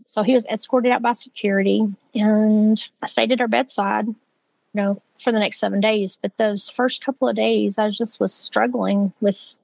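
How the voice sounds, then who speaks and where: A woman's voice: medium pitch, fairly even intonation, normal speed, vocal fry, darkish tone, no echo, poor audio. A woman, speaking as the victim's sister and recounting what happened in a conversational way, with lots of fillers. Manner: conversational, with many "like" and "you know" fillers. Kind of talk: recounting a personal story.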